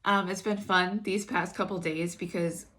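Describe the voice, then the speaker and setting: A woman speaks in a somewhat low, husky morning voice. She hosts a casual daily spiritual message and encourages her listeners earnestly. She repeats her phrases for emphasis. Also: steady tone, moderate pace, a bit bright. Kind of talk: casual spiritual talk to camera.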